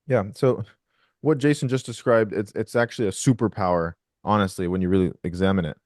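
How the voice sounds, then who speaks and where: A man's voice: on the low side, fairly even intonation, a little fast, a little mellow, dry recording, studio quality. A man coaching a group on a call, blunt and profane, who acts out quoted voices. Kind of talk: casual coaching talk on a call.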